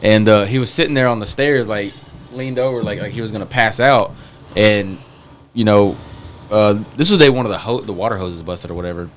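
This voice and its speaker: Fast-talking young man. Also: lowish voice, a little hiss or hum. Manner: rambling, self-deprecating anecdotes. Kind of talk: casual storytelling chat.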